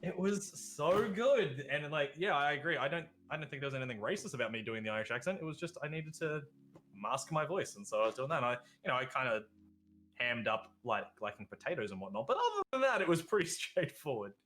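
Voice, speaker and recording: A man's voice: a little high, big pitch swings, fast, a bit bright. An Australian man chatting as a guest on a podcast, blunt and casual, swearing now and then and laughing between points.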